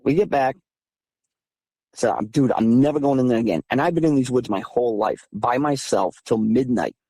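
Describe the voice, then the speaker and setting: A man in his thirties from southeastern Massachusetts tells his story as an interview guest, calling in by phone. His delivery is emphatic and animated, rising in pitch as he relives the tense moments. The sound is dry and close, with an ordinary mid-range voice. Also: normal speed, breathy edge, dry recording. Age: 30s. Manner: animated, emphatic retelling, voice climbing when heated. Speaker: guest recounting encounters. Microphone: phone call.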